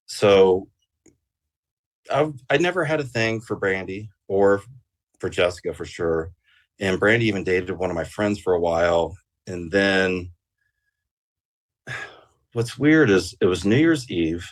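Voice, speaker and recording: A man's voice: low-pitched, unhurried, long pauses. A man guest on an interview show, telling a rambling story casually with plenty of swearing and fillers. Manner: rambling and profane, with many fillers.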